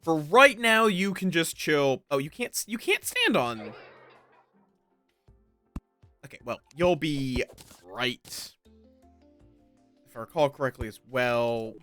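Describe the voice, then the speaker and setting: Lively, bright-voiced game streamer. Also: medium pitch, measured pace, no room sound, faint music behind. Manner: rambling, casual, swears freely; drifts into a mock accent. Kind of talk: live gameplay commentary.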